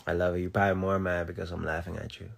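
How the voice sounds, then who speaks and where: A man's voice: deep voice, flat delivery, racing, creaky, background noise. A young man chatting casually on a phone live stream, joking, laughing often and reading comments, unable to roll his R's.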